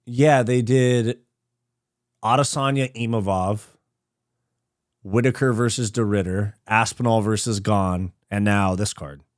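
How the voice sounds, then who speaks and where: A man's voice: fairly low pitch, fairly even intonation, unhurried. A man from California speaks as he hosts a live fight watch party. His talk is slangy, loose and full of swearing. The sound is dry and close, with no room echo. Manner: casual, slangy and profane, reads out chat. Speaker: host.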